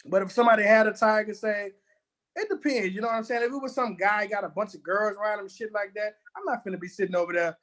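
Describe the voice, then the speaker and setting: A man's voice: high voice, fairly even intonation, quick pace, a bit bright. A man, co-hosting a casual review show and making blunt, slangy, laid-back remarks. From Louisiana. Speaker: co-host.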